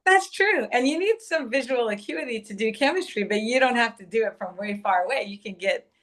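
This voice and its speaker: A woman's voice: fairly high pitch, expressive, brisk, fairly bright tone. Thoughtful, explanatory woman guest. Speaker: guest author. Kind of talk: interview conversation.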